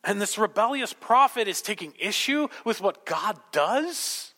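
A man preaching a sermon, emphatic and rhetorical, telling the story with animated asides. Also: high-pitched, a little slow, long reverb tail. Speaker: pastor.

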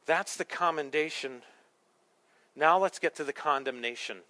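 Man, pastor, sermon, emphatic, rhetorical questions, high pitch. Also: normal speed, pushed and bright.

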